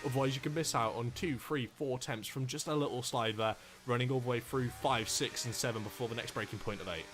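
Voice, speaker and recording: A man commentating live sim-racing qualifying, teasing his co-host in quick banter. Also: medium pitch, fairly bright tone, faint music behind. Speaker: esports race commentator.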